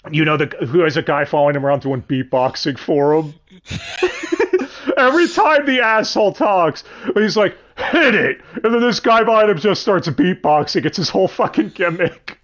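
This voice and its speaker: A man hosting a casual livestream chat, animated, swearing freely and laughing often. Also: sits high, moderate pace. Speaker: podcast host.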